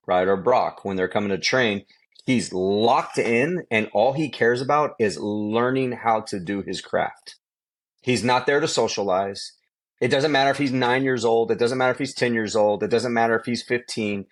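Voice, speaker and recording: A middle-aged man, a quarterback trainer, telling stories in a casual podcast chat, emphatic and repeating himself for effect. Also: fairly low pitch. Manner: animated storytelling, emphatic, repeats phrases.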